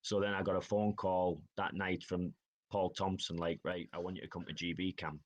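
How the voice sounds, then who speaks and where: This ice hockey player guest, from Northeast England, swaps stories in a relaxed podcast interview, dropping "aye" and "like" as he goes. He speaks low and even at an ordinary speed, though the audio sounds dull.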